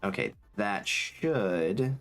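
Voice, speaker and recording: A live streamer chatting casually while working, reading chat aloud, swearing freely and quick to get excited and laugh. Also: low-pitched. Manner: gets excitable and laughs easily. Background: faint background music.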